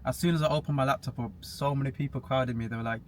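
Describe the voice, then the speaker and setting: A man's voice: mid-range voice, fairly even intonation, fast talker. A young man chatting casually as a podcast guest, matter-of-fact and laughing at himself now and then. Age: young adult. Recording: faint background hiss.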